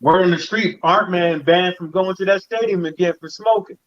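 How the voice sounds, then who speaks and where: A man with a high voice chats in a laid-back, teasing way. His audio is dull and lo-fi. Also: moderate pace. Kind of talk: casual chat.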